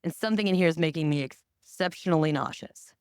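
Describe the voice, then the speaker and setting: A woman's voice: low voice, quick pace, darkish tone, clean tone. A woman hosting a podcast, chatting casually in a blunt, candid way and swearing freely. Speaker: podcast host. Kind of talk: casual chat.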